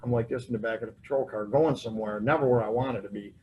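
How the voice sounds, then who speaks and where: A man's voice: mid-range voice, fast, muffled recording, slight background noise. Casual self-mocking man telling his story. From United States. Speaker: recovery convention speaker. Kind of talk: personal recovery story told to a crowd. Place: convention hall.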